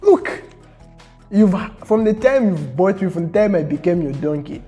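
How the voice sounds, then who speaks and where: Man putting on a wounded, loyal she-donkey for a retold story, high and wavering, dark mellow tone. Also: expressive, normal speed, soft background music. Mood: pleading. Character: meek loyal female donkey, pleading.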